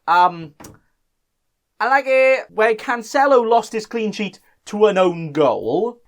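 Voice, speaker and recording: A young man hosting a fantasy football vlog, sarcastic and self-mocking, often arguing back at himself. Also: high-pitched. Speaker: fantasy football channel host. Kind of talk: casual vlog commentary.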